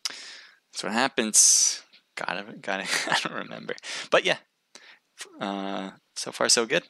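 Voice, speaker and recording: A male streamer with a very low, gravelly voice that still has a bright, forceful edge. He chats casually with his viewers, rambling and restarting as he thinks aloud, in a dry, close sound. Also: animated, measured pace, no echo. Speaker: livestream caster.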